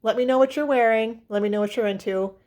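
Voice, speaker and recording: A woman's voice: a little high, fast, a little mellow. A woman vlogger chatting casually about perfumes, rambling with fillers and restarts. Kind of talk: casual chat.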